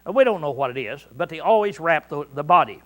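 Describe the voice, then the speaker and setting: Preaching in a homespun style, this man clears his throat frequently, repeats himself, and belts out quotations. His pitch runs slightly high, and he sounds animated and quick.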